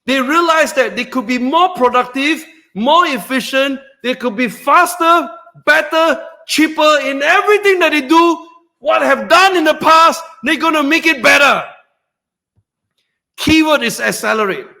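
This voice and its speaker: A man with a very high, bright voice hosts a trading webinar like a motivational speaker. He whoops and shouts to hype up his points, then drops into a low, earnest tone for the serious parts. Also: moderate pace, vocal fry. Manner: excitable, shouts and whoops for emphasis. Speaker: stock trading webinar host.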